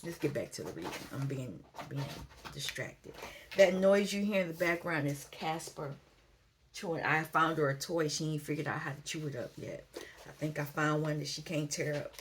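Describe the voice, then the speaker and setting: A woman with a low voice and reads tarot cards in a relaxed, chatty way. She thinks aloud and slows down over the card text. Faint background noise sits under her voice. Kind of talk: casual spoken tarot reading.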